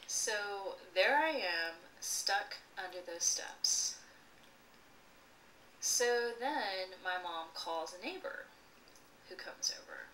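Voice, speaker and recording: A woman slowly telling a personal childhood story with lively expression and occasional laughs. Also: medium pitch. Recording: echoey room, voice from a distance, faint noise.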